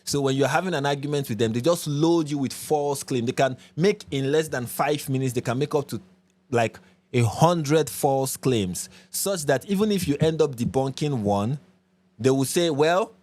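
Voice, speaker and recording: A man's voice: mid-range voice, moderate pace, a little mellow. Man hosting an emphatic commentary. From Nigeria. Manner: repetitive, emphatic explaining. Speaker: commentary channel host. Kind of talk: reaction commentary.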